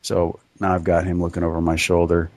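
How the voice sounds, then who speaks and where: A man casually telling a funny story on a podcast, animated and laughing between lines. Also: low-pitched, fairly quick, no echo. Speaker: podcast co-host.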